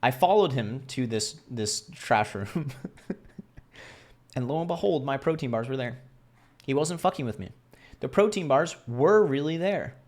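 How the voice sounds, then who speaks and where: A man's voice: medium pitch, expressive, unhurried, pauses often, a little mellow. A young man casually telling a story to camera in a rambling, self-deprecating way, acting out the voices of the people he quotes. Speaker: vlogger.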